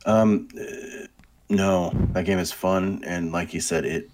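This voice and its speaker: A young man co-hosting a casual chat, relaxed and hesitant, with casual swearing. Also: deep voice, slow pace, a little hiss or hum. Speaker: podcast co-host.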